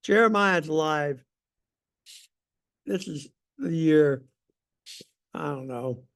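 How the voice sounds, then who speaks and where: A man leads a Sunday school lesson with a gravelly, slightly raised voice. He talks conversationally and with emphasis, breaking off often to put questions to his class. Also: a little high, slow pace.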